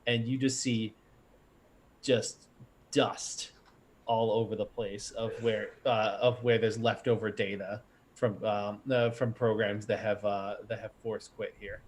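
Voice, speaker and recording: A man narrating as game master of a tabletop game, halting often with fillers. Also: lowish voice, level tone, a little hiss or hum.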